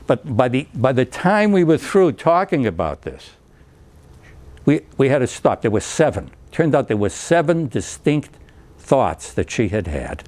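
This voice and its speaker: A man's voice: mid-range voice, darkish tone. An older man giving a chatty talk, full of fillers and restarts, acting out dialogue and chuckling between points. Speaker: speaker giving a talk on recovery therapy. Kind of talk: anecdotal lecture to a group. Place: lecture room.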